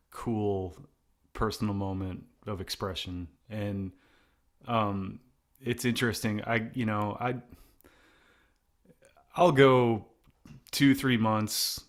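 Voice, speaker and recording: A middle-aged man with a fairly low voice talks through his songwriting in a relaxed interview. He rambles, circles back and restarts his sentences often, filling gaps with ums and likes. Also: slow, long pauses. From United States. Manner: rambling, many restarts and fillers. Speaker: singer of a post-hardcore band. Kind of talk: casual interview talk.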